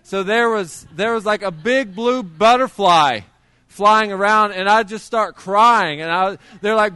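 A man's voice: high-pitched, a little slow, bright, forceful tone, clear, resonant tone, no room sound. A middle-aged man preaching a sermon, telling his testimony in a conversational way with many restarts.

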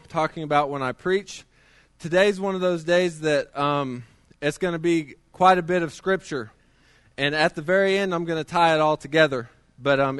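A middle-aged man preaches a sermon, sharing his testimony conversationally and restarting often. His voice is on the high side and a bit bright, captured in a dry, clean studio recording.

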